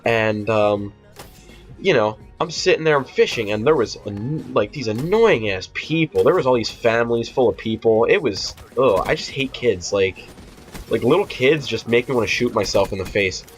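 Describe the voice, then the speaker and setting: A man's voice: mid-range voice, expressive, normal speed. A teenage boy telling a rambling, profane storytime vlog, full of fillers and restarts. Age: teens. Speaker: vlogger. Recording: dull lo-fi audio with faint music.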